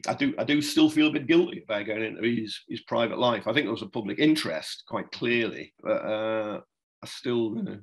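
A man's voice: medium pitch, fairly quick, breathy edge, rough recording. A middle-aged man, a journalist, telling anecdotes in an interview in a rambling, chuckling way. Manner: rambling, many restarts and "you know"s, chuckles. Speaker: political journalist, podcast guest.

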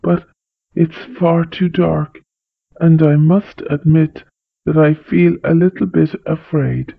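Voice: mid-range voice, steady tone, slow pace, vocal fry, breathy edge, no room sound, phone-quality sound, exaggerated voice. A reader voicing a jumpy, timid male fuzzbuzz sentry in a storybook, talking in a nervous, stammering way.

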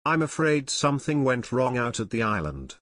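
A man's voice: mid-range voice, big pitch swings, moderate pace, fairly bright tone, dry recording, studio quality. A man reading an audiobook, voicing an anxious, determined teenage boy detective. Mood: worried. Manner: anxious and urgent.

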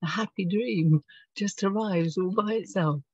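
A woman leading an online group meditation, talking softly and reflectively, gently guiding listeners. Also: medium pitch, measured pace, husky, no echo, lo-fi sound. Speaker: meditation leader. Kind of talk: gentle spiritual talk. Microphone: video call.

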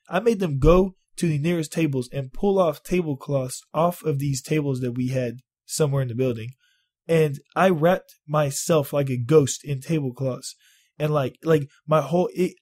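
Husky, animated man telling a story. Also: a little high. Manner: animated, swears a lot, exaggerates. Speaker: vlogger. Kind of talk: casual profane storytelling.

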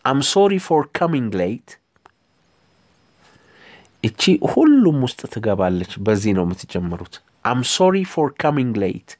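An Ethiopian-accented man who speaks Amharic as his first language teaches English phrases to beginners. He says each phrase slowly and deliberately, then repeats it. His voice sits at an ordinary pitch and sounds close and dry, with no room echo. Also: darkish tone. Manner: slow, careful repetition of model phrases. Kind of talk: language lesson.

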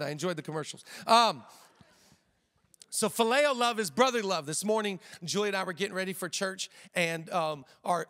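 A man with a high voice delivers a sermon in a relaxed, conversational way, often repeating himself and slipping in jokes. A long reverb from the church auditorium trails behind his words. He sounds middle-aged. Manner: conversational preaching with repetitions and jokes. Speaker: pastor.

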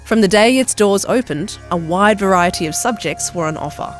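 High-voiced man narrating a documentary. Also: fairly bright tone, soft background music. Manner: measured, earnest storytelling.

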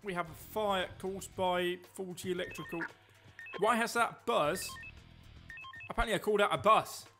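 A man giving excitable, chatty live commentary while he plays a game, joking to himself as he goes. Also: high-pitched, moderate pace, faint music behind. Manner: excitable, talks loud, quips at himself. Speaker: streamer.

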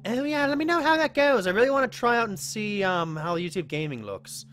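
A woman streaming a horror game live, chatting with viewers between playful in-character asides and breaking into excited yelps during chases. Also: mid-range voice, a little fast. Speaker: gaming streamer. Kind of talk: live game commentary with chat.

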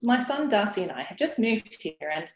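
A woman reading from her own novel, voicing a courteous and bewildered young single mother who tries to smooth things over with a neighbour. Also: mid-range voice, very animated, moderate pace, voice pushed up, natural voice. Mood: polite. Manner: courteous and conciliatory. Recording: roomy webinar audio.

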